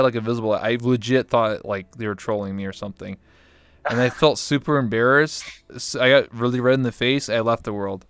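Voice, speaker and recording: A young man, a guest on a talk show, telling stories in casual chat with animated, profane reactions. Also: medium pitch, clean tone, no room sound. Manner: animated, swears freely, acts out his own reactions.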